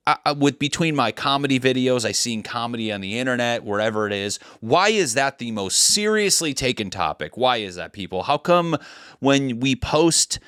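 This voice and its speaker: A man's voice: medium pitch, a bit bright, clear, resonant tone, no echo, studio quality. A man in his thirties hosting a comedy podcast, ranting in a rambling, heated way with many restarts. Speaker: podcast host.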